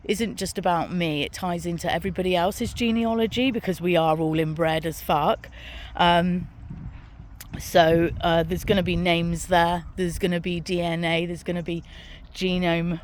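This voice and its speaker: A middle-aged British woman, an author and vlog host, walks around her farm outdoors and talks to the camera in a frank, casual monologue. She swears now and then and laughs at her own jokes. Her voice is on the low side, with a slight hiss or hum.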